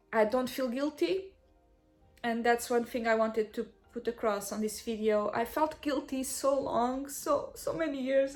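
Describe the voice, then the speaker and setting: A young woman vlogger telling a personal story in a halting, heartfelt way, often restarting and apologizing. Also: a little high.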